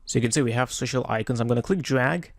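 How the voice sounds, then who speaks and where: A man's voice: mid-range voice, fast talker, gravelly, dry recording, clean studio sound. Man walking through a screen tutorial. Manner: relaxed, self-correcting step-by-step walkthrough. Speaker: web design tutor. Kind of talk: screen-recorded software tutorial.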